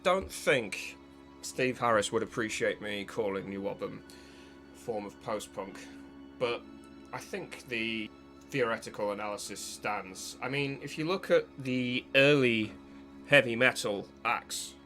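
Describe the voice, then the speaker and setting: A man's voice: mid-range voice, measured pace, sharp tone. Rambling analytical man, faint music behind. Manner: discursive and analytical, with frequent fillers. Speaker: music commentator. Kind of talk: spoken video essay.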